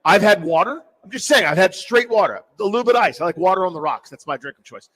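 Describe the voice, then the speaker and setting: A man hosting sports talk radio, animated and jokey in casual talk. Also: sits high, fast talker, low-quality recording.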